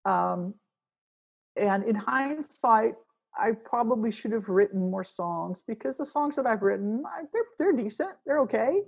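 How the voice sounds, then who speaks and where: A woman's voice: fairly high pitch, animated, measured pace, creaky, husky. A woman musician talking casually in an interview, rambling with restarts as she thinks aloud. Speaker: musician guest.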